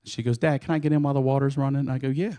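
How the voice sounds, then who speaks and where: Young male stand-up comic, conversational, with shrill high outbursts. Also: fairly even intonation, very fast. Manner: loud squealing voice when acting out his own yelling. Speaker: stand-up comedian. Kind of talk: stand-up set. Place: comedy club stage.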